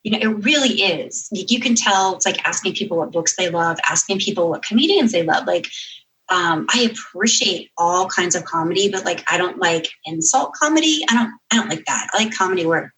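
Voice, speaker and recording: A woman guest on a podcast telling funny stories, animated and full of "like" and "you know.". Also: fairly low pitch, a little fast, far from the mic, rough recording. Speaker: guest, comedy author. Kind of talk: podcast interview, storytelling.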